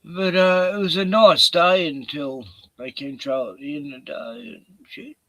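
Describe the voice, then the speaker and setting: An older man co-hosting a casual live-stream chat, short of breath and halting, with many fillers. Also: fairly high pitch, fairly even intonation, a bit bright, no echo, highs cut off. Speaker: show co-host.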